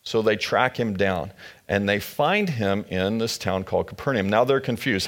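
A man's voice: fairly low pitch, expressive, normal speed. A man preaching a sermon as pastor, retelling scripture in casual, conversational storytelling.

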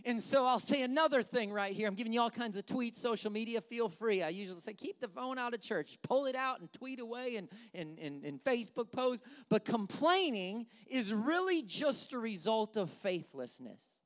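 A man's voice: extremely high pitch, lively intonation, moderate pace, hardly any pauses. Give me an emphatic male pastor preaching a sermon, repeating his points. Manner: emphatic, repetitive, swings from loud to hushed.

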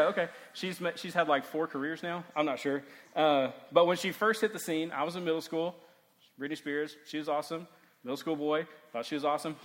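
A man in his thirties, a youth pastor, giving a casual, animated sermon full of stories and "like" fillers. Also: fairly high pitch. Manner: animated, chatty, heavy use of "like". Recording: long hall reverb.

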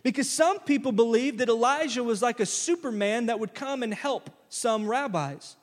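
A male pastor preaching a sermon, lively and conversational, slipping into casual phrases as he walks through a scripture reading. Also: extremely high pitch, normal speed. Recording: long church-hall reverb.

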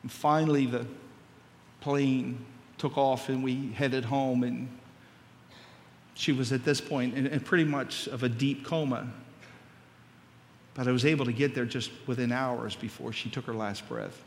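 A man's voice: mid-range voice, steady tone, unhurried, pauses often, slight background noise. A male pastor preaching a sermon, telling a story and acting out the dialogue before building to emphatic preaching. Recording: long hall reverb.

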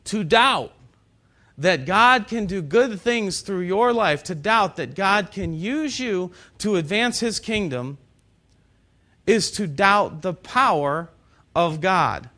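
Male pastor, nasal tone, high-pitched, sermon delivery, slows for scripture. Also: lively intonation, pushed and bright. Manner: slows down for scripture and key points. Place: cinema used as a church.

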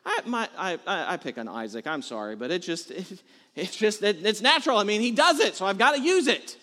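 A man with a high voice preaches in a church sanctuary, and his words ring out with a long reverb. He talks to the congregation in a loose, joking way and breaks into animated little stories. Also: fairly quick. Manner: conversational, joking, animated storytelling. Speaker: pastor. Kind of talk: sermon.

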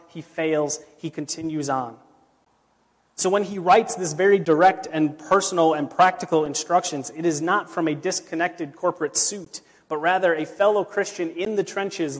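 A man, a pastor, preaching a sermon in a relaxed storytelling way with casual asides. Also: a little high. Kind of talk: conversational sermon. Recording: long reverb of a large hall.

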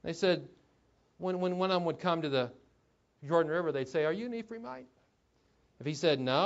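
A man preaches a sermon in a church, conversational and fond of rhetorical questions and little chuckling asides. His voice sits a bit high for a man. The recording is dull and lo-fi. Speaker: pastor.

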